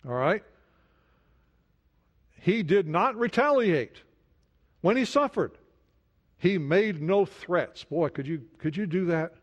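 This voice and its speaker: A man's voice: sits high, expressive, slow pace, pauses often, highs cut off. Man preaching with big swings in volume. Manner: dynamic preaching, swings from loud emphasis to hushed near-whisper; asks the listeners many questions. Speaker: pastor. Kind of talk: sermon.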